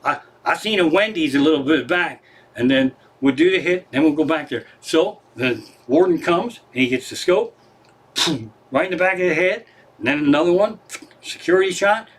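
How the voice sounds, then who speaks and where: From his living room, a comedian casually retells scenes and stories on a livestream, rambling and swearing freely in a loose stand-up style. His voice is a little high and his pace moderate.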